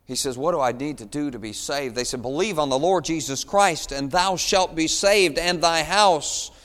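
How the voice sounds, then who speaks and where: A man's voice: on the high side, normal speed, a bit bright, long reverb tail. A man preaching a sermon as pastor, pleading and building in intensity. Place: church.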